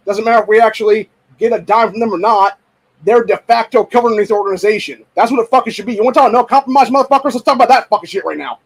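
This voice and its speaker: A young man from Ohio hosting a show, ranting angrily and profanely, often shouting. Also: high voice, fast, breathy edge, poor audio. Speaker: podcast host. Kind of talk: angry political rant.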